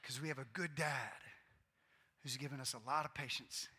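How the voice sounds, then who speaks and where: A pastor in his forties preaching a sermon to his congregation, earnest and bursting into loud, excited outbursts. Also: medium pitch, normal speed, husky. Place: church sanctuary. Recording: long reverb of a large hall.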